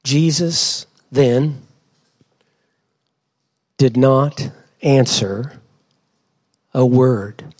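A man's voice: medium pitch, very slow, pauses often, darkish tone. A male pastor preaching a sermon to his congregation in church, dramatic and full of rhetorical questions.

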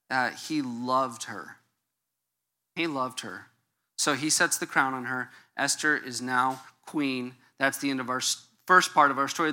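A middle-aged male pastor with a sharp, somewhat high voice delivers a conversational sermon. His manner is casual and joking, and he keeps checking in with his listeners.

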